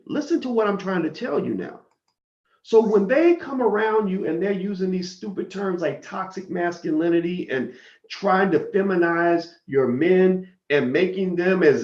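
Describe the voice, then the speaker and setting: Emphatic male streamer, animated high voice, roomy lo-fi sound. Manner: emphatic, preachy, swings from loud outbursts to low asides. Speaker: commentator on a live stream. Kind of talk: fiery monologue to viewers. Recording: roomy, dull lo-fi stream audio.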